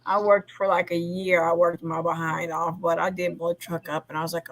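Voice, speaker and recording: A woman's voice: on the low side, a little fast, hardly any pauses. A young adult woman co-hosting a casual talk show, telling a story with lots of laughter. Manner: animated storyteller, laughs often. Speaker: co-host. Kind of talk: casual chat.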